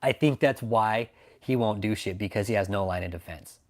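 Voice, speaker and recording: A man's voice: on the low side, moderate pace. A man from Texas, hosting a casual livestream chat, swearing constantly, mocking and laughing often. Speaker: livestream host.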